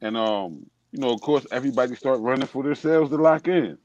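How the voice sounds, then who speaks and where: A man's voice: medium pitch, fast, a little mellow, lo-fi sound. A man in a political discussion telling a personal story, casual and emphatic.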